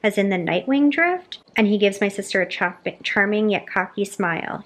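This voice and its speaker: A young woman vlogging about a book she is reading, gushing and animated as she acts out characters' lines in a casual chat. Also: medium pitch, moderate pace, few pauses.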